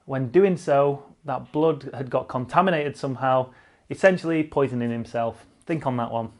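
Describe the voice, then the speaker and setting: A man's voice: medium pitch, moderate pace. A man hosting casual online cycling news commentary, blunt and sarcastic, swearing freely and repeating himself for emphasis.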